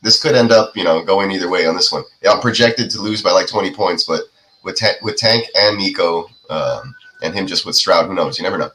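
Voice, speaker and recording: A man hosting a live football watch-party show, his voice sitting a little low but bright and forward. He walks through the plays casually, padding his thoughts with "uh" and easygoing asides. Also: brisk, poor audio. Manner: laid-back, filler-heavy play-by-play. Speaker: podcast host. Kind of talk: casual live game commentary.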